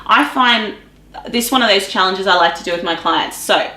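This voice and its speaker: A woman talks as an interview guest, animated and expressive as she acts out what her clients say. Her voice sits in a middle register, and the room around her rings with noticeable echo. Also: mid-range voice, moderate pace. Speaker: guest, professional organiser. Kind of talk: casual interview chat. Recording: echoey room.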